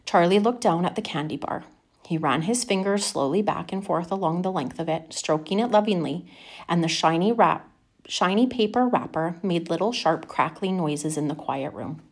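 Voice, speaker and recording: A woman reading a children's novel aloud with expressive, animated narration. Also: on the low side, moderate pace. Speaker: reader.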